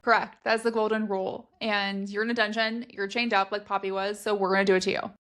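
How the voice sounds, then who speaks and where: A woman's voice: medium pitch, flat delivery, fairly bright tone. A woman co-hosting a book podcast, joking and riffing in casual chat. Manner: joking, quick to riff on her co-host. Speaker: podcast co-host.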